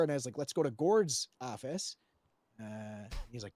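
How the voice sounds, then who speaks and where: A man's voice: medium pitch, moderate pace, dark tone. A man recounting a roleplay story to a panel, rambling with lots of fillers and restarts and swearing freely.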